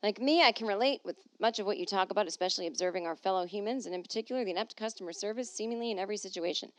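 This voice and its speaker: A woman's voice: mid-range voice, rapid-fire, no room sound. A woman hosting a comedic solo podcast, reading news aloud and riffing on it sarcastically, swearing freely. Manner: sarcastic, swears freely, slips into silly put-on voices.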